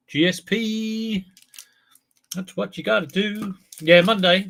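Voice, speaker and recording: A man's voice: high voice, takes it slowly, creaky, a bit bright. A man chatting casually on his live stream as a clothes reseller, self-mocking, humming along and talking while he eats. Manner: chatty, self-mocking, breaks into song and talks while eating.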